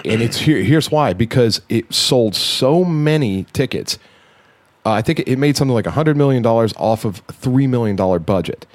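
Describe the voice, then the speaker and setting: A man's voice: medium pitch, lively intonation, normal speed, no echo. A man hosting a casual podcast, rambling and restarting his sentences, cursing now and then. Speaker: podcast host.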